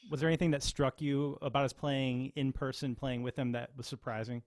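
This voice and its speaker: A man interviewing a guest, asking questions in an eager, quick way. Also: mid-range voice, little pitch movement, no room sound.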